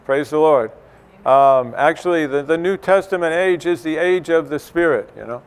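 A middle-aged man teaching in church in a loose, conversational way, full of fillers and restarts. His voice is smooth and resonant and sits a little high for a man. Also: moderate pace. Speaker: church speaker.

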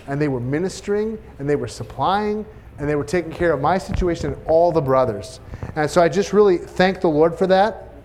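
Middle-aged male speaker, animated storytelling testimony, slightly high voice, faint hiss behind. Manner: animated storytelling, laughs at own jokes. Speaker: church speaker sharing testimony. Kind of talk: sermon-style testimony.

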